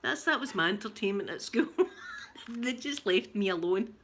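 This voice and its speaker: A woman's voice: mid-range voice, animated, normal speed, a bit bright. A woman in her forties with a Glaswegian Scottish accent, chatting casually and joking with viewers on a live stream. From Scotland. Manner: chatty and joking, with bursts of laughter. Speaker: livestream host chatting with viewers.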